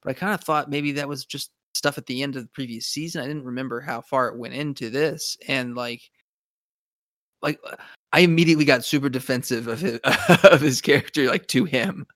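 A man's voice: mid-range voice, fairly quick, fairly bright tone, no echo, studio quality. A man co-hosting a podcast, chatting casually about a TV show in a rambling way with many restarts. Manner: rambling, frequent restarts, laughs often. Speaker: podcast co-host.

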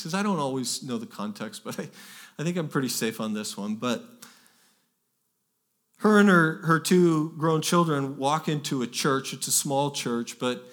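A man's voice: a little high, fairly bright tone. A pastor preaching a sermon, earnest and emphatic, often repeating words and pushing his voice up to stress key phrases.

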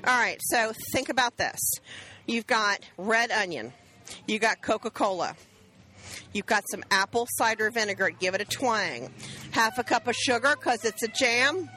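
Woman cooking host, middle-aged, bright forceful tone, chatty step-by-step explainer. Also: on the high side, lively intonation, moderate pace, rough recording. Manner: chatty, explains steps to viewers. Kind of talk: casual cooking demonstration.

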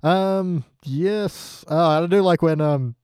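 Podcast co-host, male, mellow tone, dry close mic, jokey casual recap chat. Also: fairly high pitch, takes it slowly, clear, resonant tone, no echo. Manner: jokey, acts out quoted lines in silly voices.

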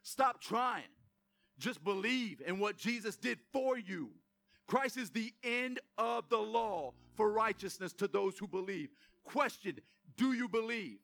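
Fired-up high-voiced preacher man. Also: animated, unhurried, vocal fry, fairly bright tone. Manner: fired-up, addresses congregation directly, emphatic repetition. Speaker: pastor. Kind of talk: energetic sermon. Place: church sanctuary.

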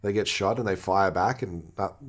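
Low-voiced man chatting casually. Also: normal speed. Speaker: podcast co-host. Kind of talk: casual chat recapping a TV episode.

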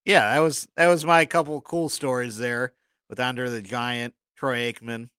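A man's voice: mid-range voice, steady tone, measured pace, bright, forceful tone, clear, resonant tone, dry recording. A man co-hosting a podcast, telling rambling stories in casual chat and often apologizing for his own jokes. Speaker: podcast co-host.

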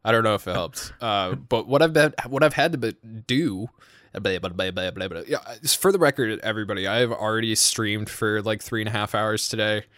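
A man's voice: lowish voice, fairly quick, few pauses, a bit bright, no room sound, clean studio sound. A man hosting a casual podcast, talking in a rambling, self-deprecating way with many restarts. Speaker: podcast host. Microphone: home podcast microphone.

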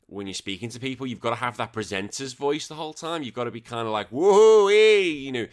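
Swearing British podcast host rambling casually. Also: male voice, medium pitch, fast, a bit bright. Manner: rambling, swears often, self-deprecating. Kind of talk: casual chat answering listener questions.

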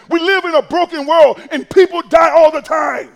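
A middle-aged male pastor with a strikingly high voice delivers a sermon. He talks folksy and conversational, then suddenly raises his voice to a shout for emphasis before dropping back to a near hush. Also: fairly even intonation, normal speed, hardly any pauses. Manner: impassioned preaching that swings between hushed and shouted.

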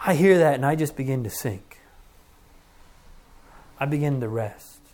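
A middle-aged man preaching a sermon as pastor, earnest and conversational, acting out deep breaths. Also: expressive, a little slow, a little mellow.

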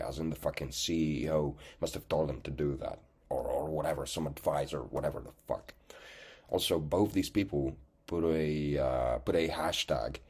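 A man's voice: a bass voice, darkish tone, slightly rough. A man delivering a blunt, profane rant with open contempt, often tagging his points with "okay?". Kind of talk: angry profane rant to camera.

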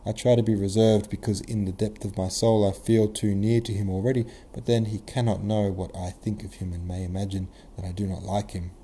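A man's voice: on the low side, level tone, fairly quick, hardly any pauses, warm tone, slight background noise, lightly acted. A man voicing a shy, earnest young princess in a novel reading, inward and hesitant. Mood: anxious. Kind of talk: audiobook character reading.

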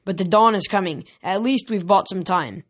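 A woman voicing a clever teenage girl warrior who speaks in a brisk, matter-of-fact way. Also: medium pitch, lightly acted.

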